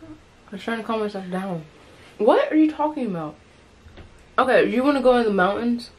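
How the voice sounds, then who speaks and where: A woman's voice: fairly high pitch, expressive, moderate pace, poor audio. A woman, the daughter, chatting casually while eating on camera, sounding fed up with being poked and teased. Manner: exasperated and chatty. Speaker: daughter co-hosting a mukbang.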